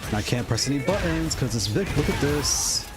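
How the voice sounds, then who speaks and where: Nervous excitable guy doing live fighting game commentary, voice jumps all over, loud music behind. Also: medium pitch, normal speed. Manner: nervous, excitable, repeats himself. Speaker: streamer playing a fighting game tournament.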